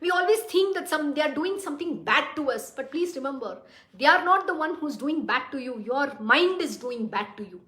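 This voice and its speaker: Lady spiritual teacher, blunt and direct, high voice, echoey room. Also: expressive, normal speed, fairly bright tone. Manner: blunt, direct, rhetorical questions. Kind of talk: devotional discourse. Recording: roomy echo.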